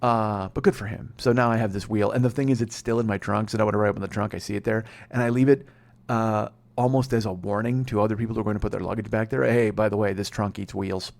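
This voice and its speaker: A man's voice: lowish voice, fairly even intonation, fast talker, creaky, a little mellow. A man in his forties, a comedy podcast host telling a rambling, profane, sardonic story. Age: 40s.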